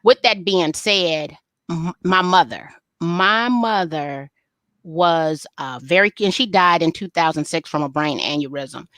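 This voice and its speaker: A middle-aged woman, an interview guest, telling family stories candidly and acting out the dialogue with lively, folksy humor. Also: fairly low pitch, measured pace, no room sound. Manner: animated, folksy storyteller who acts out family dialogue. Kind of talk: candid storytelling in a live interview.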